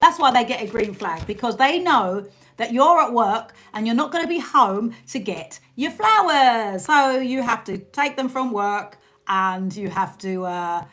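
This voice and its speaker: A woman's voice: fairly high pitch, animated, a little slow, a bit bright, slight background noise. A British woman hosting a casual live stream, chatting and laughing with her viewers and thanking them by name. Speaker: livestream host.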